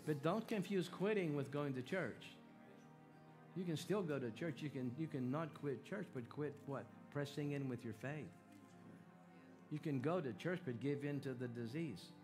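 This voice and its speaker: A man's voice: fairly high pitch, moderate pace. A man preaching at a church healing meeting, folksy and exhorting, calling out to the crowd. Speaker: evangelist leading a healing meeting. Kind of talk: sermon with audience call-and-response. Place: church sanctuary with worship music. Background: music playing.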